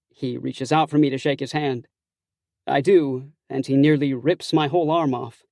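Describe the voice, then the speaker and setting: A man's voice: medium pitch, fairly even intonation, moderate pace, creaky, warm tone, no room sound. A man narrating a first-person audiobook in a wry, conversational, self-conscious way, close to a studio mic.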